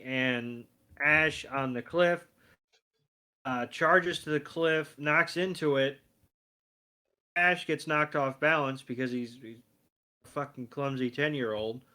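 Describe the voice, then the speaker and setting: A man's voice: a little high, bright, forceful tone. A man recapping a cartoon episode as a podcast co-host, dry and wry, blunt with his jokes.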